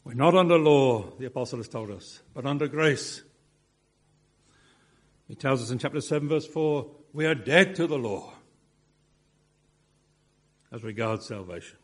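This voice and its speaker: A man preaching an expository sermon, with measured phrasing and emphatic repetition. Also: medium pitch, husky.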